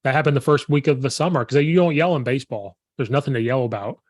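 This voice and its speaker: A man hosting a casual coaching podcast, telling stories animatedly, quoting himself and laughing often, his voice a little hoarse from coaching. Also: medium pitch, fast talker, no echo. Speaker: podcast host and football coach. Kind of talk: casual chat.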